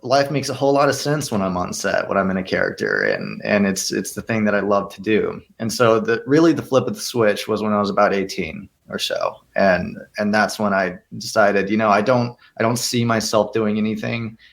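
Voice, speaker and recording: Earnest young man with a low voice. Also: steady tone, vocal fry. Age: young adult. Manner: earnest, thoughtful, halting restarts. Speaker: actor and guest. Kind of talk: interview answers.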